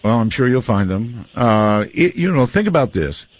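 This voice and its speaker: A man's voice: medium pitch, sing-song, moderate pace. A man hosting a late-night radio talk show, easygoing and often chuckling. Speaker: radio host. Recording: dull lo-fi radio audio.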